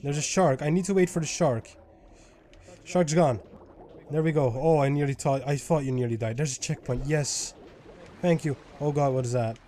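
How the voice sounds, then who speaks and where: A man giving let's play commentary who swears a lot and swings from loud frustrated yelling to low muttering. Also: normal speed, slight background noise. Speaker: gaming YouTuber.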